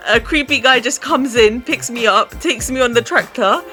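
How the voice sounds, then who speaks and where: A young woman hosts a casual podcast chat and tells her story with lively energy. She laughs often and acts out the voices of the people in it. Music plays underneath. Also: a little high, moderate pace. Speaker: podcast host.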